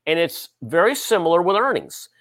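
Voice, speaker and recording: A man hosts a casual trading show, rambling through stock charts with lots of fillers and sports comparisons. His pitch moves in a lively way. The recording is dry and close. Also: brisk, dry recording. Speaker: host. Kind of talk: casual market commentary.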